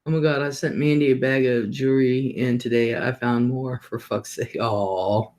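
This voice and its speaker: A man's voice: medium pitch, fairly even intonation, moderate pace, darkish tone. A middle-aged man hosting a livestream, talking casually and rambling about his day, often laughing and swearing offhandedly. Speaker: livestream host.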